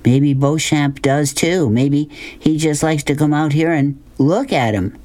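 A woman's voice: deep voice, warm tone. A woman reading aloud, voicing a shy young boy who stammers and hesitates. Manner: halting, stammering, reluctant.

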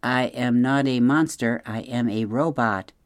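A polite female robot who speaks in a formal, measured way, read by a woman. Her voice stays calm and even, from a storybook read aloud. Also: very deep voice.

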